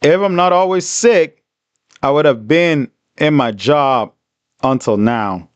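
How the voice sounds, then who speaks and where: A man hosting a livestream, reading comments and telling a story in an animated, repetitive, indignant way. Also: on the high side, takes it slowly, no echo. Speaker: livestream host.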